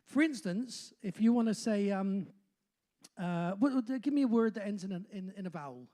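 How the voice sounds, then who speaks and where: On stage in a pub function room, a compere of about sixty from Bristol hosts a live music night in a dark-toned, mid-range voice carrying a faint Bristol accent. The delivery is animated and moderately paced, though it meanders, leans on self-mockery and keeps stumbling over "uh"s.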